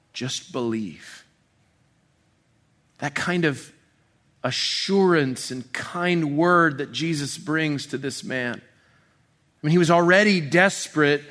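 A man preaching an expository sermon in a conversational way, full of restarts, dropping soft and slow on tender passages. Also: on the high side. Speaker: pastor.

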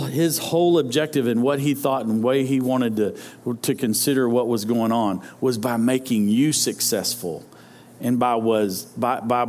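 In a mid-range, slightly mellow voice, a man preaches to his congregation in a relaxed, chatty style. He stumbles on repeated words and restarts his sentences again and again.

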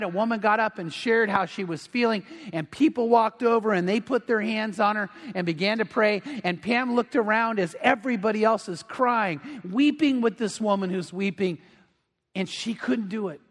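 A middle-aged man delivers a sermon in an earnest, pleading way, pressing harder on his key points. His voice sits high for a man. The sound carries a long, ringing reverb from a large sanctuary. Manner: earnest, swells louder on emphatic points. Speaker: pastor.

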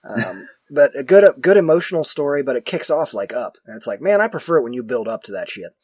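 A husky-voiced man co-hosts a podcast in a blunt, emphatic way, dropping casual swear words as he talks. His voice is dry and close, with no room sound. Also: mid-range voice, sing-song, fast, darkish tone, dry recording. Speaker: podcast co-host. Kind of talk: casual chat.

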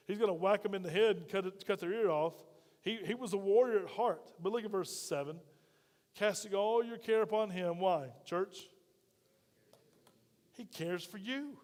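A man preaching in a church, his voice sitting high for a man. He talks to the congregation in a loose, conversational way, tossing out questions and asking them to say lines with him. The sound carries a long hall echo. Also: fairly quick, a little mellow. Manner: conversational preaching with rhetorical questions and call-and-response. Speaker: pastor. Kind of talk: sermon. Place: church sanctuary.

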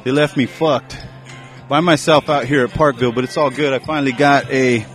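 Dude with handheld mic at a beer fest, bit winded, faint band playing. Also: male voice, mid-range voice, steady tone, brisk, fairly bright tone, soft background music. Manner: loose, profane, chatty. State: a little out of breath. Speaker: podcast host. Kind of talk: casual chat at a beer festival. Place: outdoor festival crowd.

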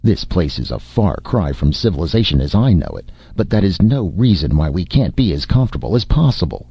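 A man's voice: low voice, big pitch swings, a little fast, creaky, warm tone, husky, no room sound, heavily acted. A man voicing a brash, commanding male hero who barks orders with sardonic humor, in a storybook reading. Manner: bossy, sardonic, barking orders. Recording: dull, dry lo-fi recording.

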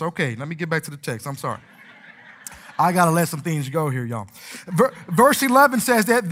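Male pastor, fairly high voice, animated sermon delivery that slips into voicing characters. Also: a little fast. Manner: animated preaching, acts out scripture and anecdotes in character.

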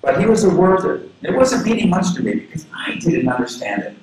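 Male pastor, earnest storyteller, pitch leaps around a lot; heavy echo of a big room, faint noise underneath. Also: a little fast. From southern Florida. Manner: earnest, personal storytelling with lively pitch swings. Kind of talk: sermon.

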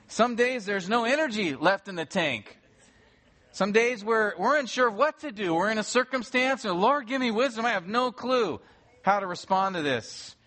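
Earnest male pastor, raised pitch. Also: pushed and bright. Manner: earnest storytelling with frequent restarts. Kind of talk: sermon. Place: church sanctuary before a congregation.

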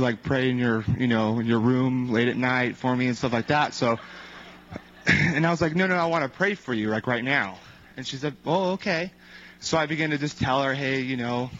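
A man's voice: mid-range voice, fairly bright tone. A man casually telling a faith-healing testimony, rambling with many fillers and acting out the quotes of others. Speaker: evangelist sharing a testimony. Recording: dull lo-fi recording.

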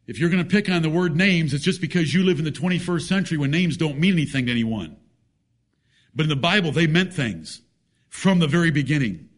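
A man's voice: on the high side, expressive, a little fast. A man preaching a sermon, emphatic, with rhetorical questions and folksy jokes.

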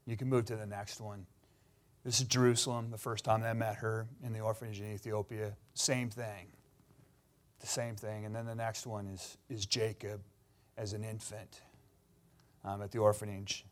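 Man, pastor, sermon, earnest storytelling, fairly low voice, middle-aged. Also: level tone, moderate pace. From Canada. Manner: earnest, personal storytelling, emotional at times.

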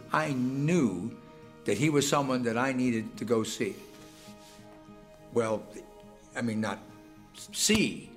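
An eager blind man, played by a man in a video, tells his story with a lively, rising and falling voice. He talks casually and jokes at his own expense. Faint music plays under the recording. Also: mid-range voice. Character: blind man seeking healing, hopeful and chatty. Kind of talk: dramatic monologue.

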